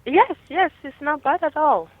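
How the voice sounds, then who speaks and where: Lively New woman on a phone line. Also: sits high, a little slow, no echo. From New York. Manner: friendly, hesitant. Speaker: caller. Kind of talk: phone chat.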